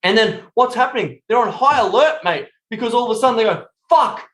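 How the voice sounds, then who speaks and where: Brief: male coach, high-pitched, blunt and profane, podcast guest on a remote call, roomy echo. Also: quick pace. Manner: blunt, heavy swearing, animated. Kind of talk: casual podcast interview.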